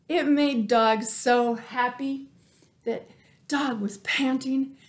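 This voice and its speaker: A woman librarian reading a children's story aloud, expressive and playful, asking the children questions and dropping to whispers. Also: high-pitched. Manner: animated, slow and expressive, asks the children questions, drops to whispers.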